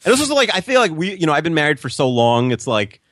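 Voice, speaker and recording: A middle-aged man co-hosting a podcast in casual chat, talking fast with lots of fillers. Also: a little high, no echo, clean studio sound. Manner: quick, animated, lots of fillers. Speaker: podcast co-host.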